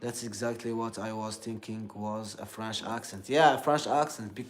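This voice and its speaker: A man from Algeria with an Algerian accent, chatting casually on a livestream in halting English full of fillers and repeated words. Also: medium pitch. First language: Algerian Arabic. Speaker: livestream host.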